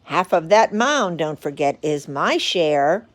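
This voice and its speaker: A woman's voice: sits low, animated, slow pace, no room sound. A woman voicing a tired, dutiful male elephant who moans and pleads. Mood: pleading. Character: weary, dutiful male elephant, big and gentle.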